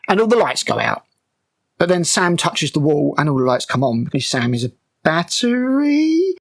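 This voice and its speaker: Sarcastic guy ranting through a show review, gravelly voice that swoops all over. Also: a little high, very animated, normal speed. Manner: exasperated, mocking, with frequent fillers and restarts. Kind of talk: sarcastic episode breakdown.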